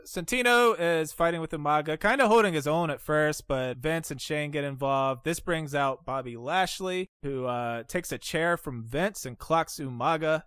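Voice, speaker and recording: Male podcast host, slightly high voice, recaps events, laughs along, dry close mic. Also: fairly bright tone, clean tone, dry recording. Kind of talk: casual recap narration.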